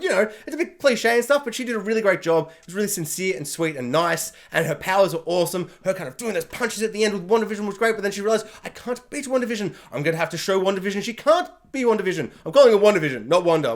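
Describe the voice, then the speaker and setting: A man rambling excitedly through a casual film review, acting out quotes and laughing along the way. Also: sits high.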